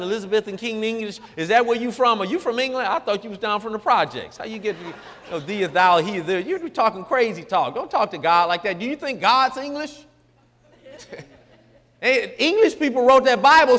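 A man's voice: sits high, fairly bright tone, long reverb tail. A middle-aged man preaching in a folksy, joking, emphatic way. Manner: folksy, joking, emphatic, mocks formal prayer. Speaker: pastor. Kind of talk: sermon-style radio talk.

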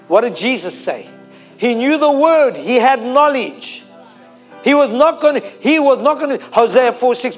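High-voiced preacher man, emphatic. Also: expressive, moderate pace, soft background music. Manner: repetitive, emphatic, calls on the listeners to answer. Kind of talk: sermon.

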